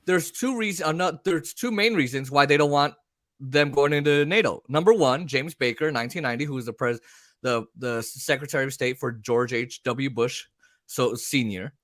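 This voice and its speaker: A man hosting a talk show, ranting in a rambling, animated way and slipping into mocking voices. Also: mid-range voice, moderate pace, no echo, clean studio sound. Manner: animated, rambling, mimics voices mid-rant. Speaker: podcast host. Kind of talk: opinionated casual talk show chat.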